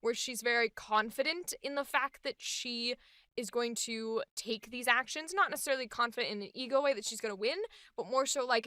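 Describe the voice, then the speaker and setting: A woman voice actor and host chats with enthusiasm while she talks through the voices she builds. Her voice is bright and clear and sits a little high, and it is heard up close and dry. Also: expressive, fairly quick, no echo. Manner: chatty and enthusiastic, thinking aloud. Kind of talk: voice acting demonstration.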